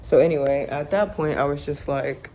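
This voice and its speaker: A young woman with a dark, gravelly, creaky voice tells a casual, rambling story full of fillers. She chats in her home kitchen as she cooks, and a faint room hum sits behind her. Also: low voice, normal speed, poor audio. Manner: chatty, rambling, filler-heavy. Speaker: family vlogger. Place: home kitchen while cooking.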